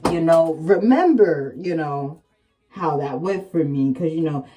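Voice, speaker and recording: Speaking in a low register at a measured pace, this young woman vlogs a laid-back storytime. She's candid and slangy, full of fillers, with occasional spikes of excited exclaiming.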